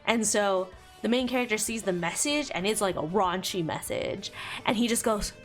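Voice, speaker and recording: A woman's voice: medium pitch, moderate pace, soft background music. A woman streamer chatting casually while she draws, retelling a plot in a rambling, giggly way. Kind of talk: casual chat while drawing.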